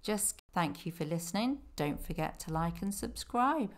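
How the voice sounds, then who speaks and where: A woman doing a voice-over that guides listeners through place names, explaining slowly and patiently with small fillers. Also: lowish voice, expressive. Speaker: tour company presenter.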